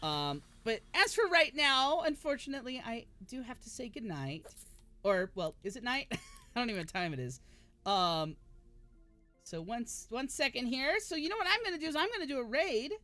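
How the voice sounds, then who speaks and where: Excitable swearing woman streamer. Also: a little high, normal speed. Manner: swears and shrieks at failures; chatty and rambling with viewers. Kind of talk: live gameplay commentary.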